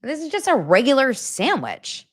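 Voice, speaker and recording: A woman in her thirties hosting a casual livestream, chatty and animated as she reacts to chat comments. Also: high voice, normal speed, no room sound, studio quality. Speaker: livestream host.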